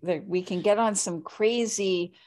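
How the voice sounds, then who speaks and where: A woman's voice: mid-range voice, unhurried, darkish tone. A woman hosting a podcast, talking in a chatty, casual way with lots of fillers. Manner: chatty, many "like" fillers, laughs easily. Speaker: podcast host.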